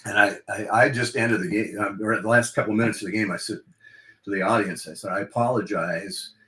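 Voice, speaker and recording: Older man, deep voice, retired-style play-by-play guy telling rambling stories; roomy sound. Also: steady tone, fast, sharp tone. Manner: rambling, reminiscing with restarts and laughs. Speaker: guest, longtime radio play-by-play broadcaster. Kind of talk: casual podcast interview, storytelling. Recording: echoey room.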